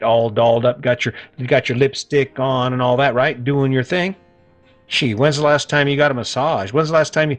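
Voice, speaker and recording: A man hosting a casual motivational podcast in a folksy, chatty way, often tagging his points with "right?". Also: mid-range voice. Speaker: podcast host. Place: lives in an RV.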